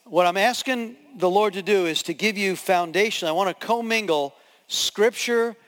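Pastor, male, high voice, animated sermon storyteller who acts out scenes; long church-hall reverb. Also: moderate pace.

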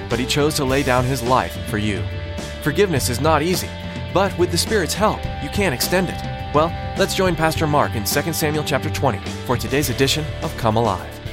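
A man with a mid-pitched voice reads a scripted devotional opening in a calm, steady manner. Plucked guitar music plays clearly beneath his words. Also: brisk. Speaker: program announcer. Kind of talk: scripted narration.

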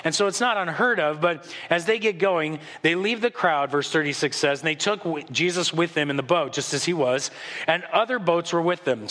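High, bright-voiced pastor preaching in a hall. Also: male voice. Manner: animated storytelling, acts out voices. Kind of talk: sermon. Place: church sanctuary. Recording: long hall reverb.

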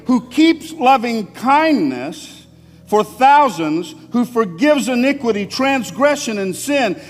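A man preaching a sermon to his congregation, speaking conversationally and swinging between loud emphasis and soft, quiet asides. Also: high voice, big-room sound. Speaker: pastor. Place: church sanctuary.

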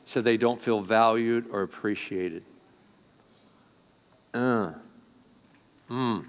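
A man preaching a sermon to a congregation as pastor, swinging between loud emphatic lines and quiet asides, often asking the room questions. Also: on the low side, steady tone, slow pace, smooth. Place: church sanctuary before a congregation.

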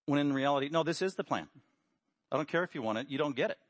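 A man delivers an animated sermon, rising to loud emphatic peaks and then dropping low. His voice sits a little high. The recording is dry, with no room sound. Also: fast talker, dry recording. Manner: acts out quotes with raised voice. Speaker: preacher.

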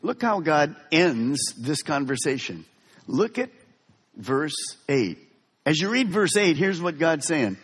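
A man preaching a sermon as pastor in a large church hall, dramatic, swinging from soft to loud. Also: a little high, very animated, slow pace, husky. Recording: long reverb of a large hall.

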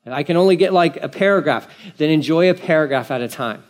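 A man's voice: on the high side, animated, fast. A man pastor preaching a conversational sermon, repeating phrases for emphasis.

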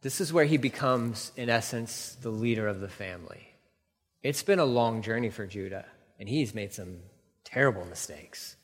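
A man's voice: fairly low pitch, animated, moderate pace, in a large hall. A man preaching a sermon, reading scripture aloud and breaking off into casual, emphatic asides that repeat key points. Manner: conversational asides, emphatic repetition.

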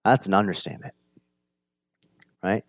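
A man preaching a sermon, conversational and animated, often asking "right?", swinging from emphatic bursts to hushed lines. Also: moderate pace, no room sound. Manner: animated, builds up to emphatic high-energy retelling, drops to hushed low lines. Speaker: pastor.

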